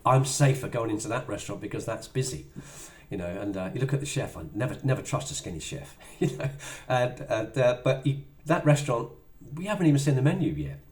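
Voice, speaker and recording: A man's voice: medium pitch, big pitch swings, a little fast, darkish tone. A middle-aged man giving a motivational sales talk in a chatty way, acting out little dialogues as he goes. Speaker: business trainer.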